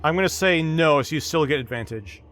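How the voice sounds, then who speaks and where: A man narrating a tabletop game as dungeon master, in a measured descriptive way. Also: a little high, animated, a bit bright, a little hiss or hum.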